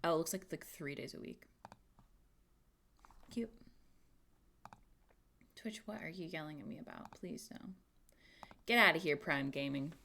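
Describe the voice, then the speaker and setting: A woman's voice: low voice, measured pace, long pauses, bright, forceful tone, a little hiss or hum. A young woman streamer chatting casually and giggling, talking to herself as she reads things out. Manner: chatty, giggly, talks to herself while reading. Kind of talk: casual chat.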